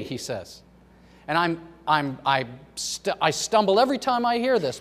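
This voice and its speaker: A middle-aged male pastor preaches in a fairly high voice, telling stories and shifting from loud emphasis to quiet asides. His words ring out in a church sanctuary, trailing a long hall reverb. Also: animated, normal speed. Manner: storytelling, swings from loud emphasis to soft asides. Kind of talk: sermon.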